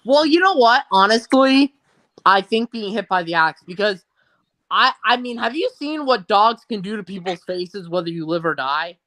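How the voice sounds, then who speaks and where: A co-host in a casual live chat, curious and quick to jump in with opinions. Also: medium pitch, lively intonation, bright, forceful tone, no room sound. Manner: curious, chatty, jumps in with opinions.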